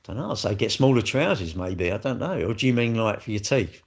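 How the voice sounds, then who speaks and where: A man's voice: on the low side, expressive, fast. Blunt rambling man. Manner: blunt, rambling, chatty with frequent restarts and laughs. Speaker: livestream host. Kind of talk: casual livestream chat answering viewer comments.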